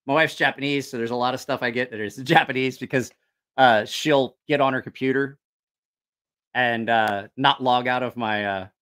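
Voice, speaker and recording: A man's voice: medium pitch, normal speed, a bit bright. A man hosting a casual live stream who rambles, swears freely and loses his train of thought. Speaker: knife channel livestream host. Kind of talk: casual livestream chat.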